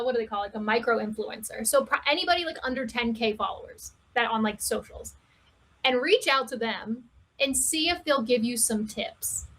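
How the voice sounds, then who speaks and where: Woman podcast guest, high-pitched, candid and animated, casual chat. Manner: candid, laughing, animated storytelling. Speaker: guest, cam performer.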